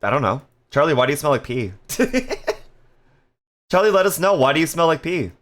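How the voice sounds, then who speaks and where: A man's voice: a little high, big pitch swings, moderate pace, fairly bright tone. A man casually chatting on a live stream, reading viewer messages aloud with playful jokes and frequent laughter. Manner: laughs often.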